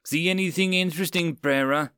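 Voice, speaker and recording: A man's voice: fairly high pitch, a little fast, bright, forceful tone, clear, resonant tone, no room sound, clean studio sound, voice pushed up. A man voicing a cheerful young elf radio operator who talks in radio procedure. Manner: upbeat, radio procedure talk.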